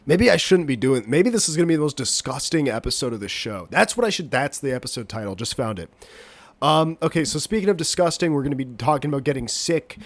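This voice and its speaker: A man's voice: a little high, lively intonation, quick pace, no echo. Congested man rambling through a podcast. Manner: rambling, jokey, self-deprecating. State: congested, getting over a cold. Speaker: podcast host. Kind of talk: rambling solo podcast chat.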